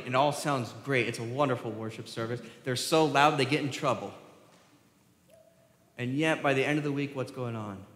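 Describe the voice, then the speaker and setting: A man's voice: mid-range voice, moderate pace, fairly bright tone. A male pastor preaching a sermon, asking the congregation questions and answering them. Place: church sanctuary. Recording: roomy church hall with long reverb.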